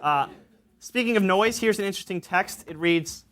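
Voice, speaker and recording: A man's voice: high-pitched, moderate pace, fairly bright tone, soft background music. A young man hosting a college comedy show, joking through gag texts with many fillers. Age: young adult. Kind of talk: stand-up style show hosting. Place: college studio with audience.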